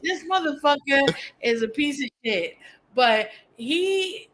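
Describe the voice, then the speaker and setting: Lively, emphatic woman co-host. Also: high voice, takes it slowly. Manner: animated, emphatic, laughing. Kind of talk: casual chat.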